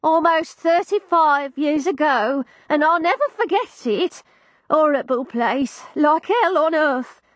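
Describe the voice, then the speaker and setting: A fretful, elderly deaf widow, as a woman puts her on, her voice pitched high above the narrator's and drawn out slowly. She speaks loudly and in bewilderment, like someone who can barely hear. The sound is dry and close. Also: expressive, no echo. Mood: mournful. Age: older. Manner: slow, loud and bewildered.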